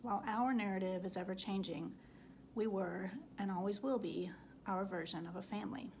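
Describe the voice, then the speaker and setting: A woman reading her own personal essay aloud in a measured, earnest way. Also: medium pitch, gravelly, a little mellow, slight background noise.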